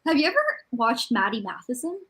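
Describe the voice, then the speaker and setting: A woman's voice: sits high, wildly swooping pitch, fairly quick, fairly bright tone. A woman from Canada with a light Ontario accent, chatting casually on a livestream and filling her talk with "like". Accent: Canadian, from Ontario near the Quebec border. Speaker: livestream co-host. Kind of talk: casual chat.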